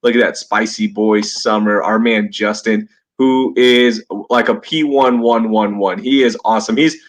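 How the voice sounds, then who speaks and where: A man hosting a casual live podcast from home, upbeat and jokey, quick to laugh, talking into a cheap gaming headset. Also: on the low side, steady tone. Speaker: podcast host.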